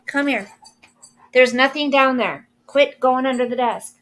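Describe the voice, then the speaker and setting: A woman's voice: sits high, measured pace, fairly bright tone, a little hiss or hum. An older woman hosting a casual live stream, talking playfully to her dog and laughing often.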